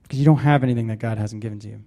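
A man's voice: lowish voice, very fast, dark tone. A man leading a Bible study, preaching casually with many fillers and restarts. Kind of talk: casual sermon.

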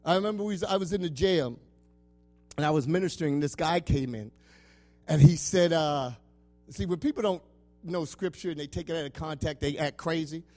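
A man preaching a sermon with passion, swinging from loud calls to soft asides. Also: on the high side, fairly quick, soft background music.

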